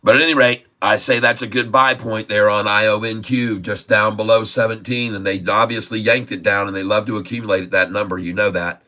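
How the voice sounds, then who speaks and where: With a lowish, bright and forceful voice, a man talks fairly quickly, in a steady tone and with few pauses, on his stock trading livestream. He delivers casual market commentary emphatically, repeating himself and addressing viewers as "folks."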